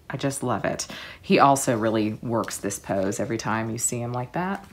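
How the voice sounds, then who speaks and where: A woman narrating an unboxing video, soft-spoken and gushing, moving between quiet murmurs and excited exclamations. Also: very deep voice, normal speed. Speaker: vlogger.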